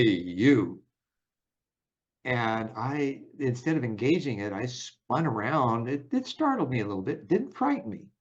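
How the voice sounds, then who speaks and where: A man hosting a conversation and telling his own story in a thoughtful, unhurried way, often pausing to search for words. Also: medium pitch, highs cut off. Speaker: podcast host. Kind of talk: reflective personal storytelling.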